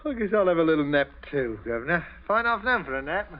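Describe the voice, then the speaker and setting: An eager, dim young son. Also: male voice, a little high, sing-song. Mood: compliant. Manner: slow, compliant, easygoing. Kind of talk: 1940s radio acting. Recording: dull old radio recording, faint hiss.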